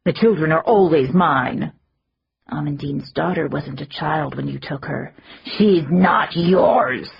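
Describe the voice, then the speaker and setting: A woman voicing an ancient fae woman with calm, soothing authority, read as part of an audiobook. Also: low-pitched, a little slow, gravelly, lo-fi sound, a little hiss or hum, full character voice. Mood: commanding.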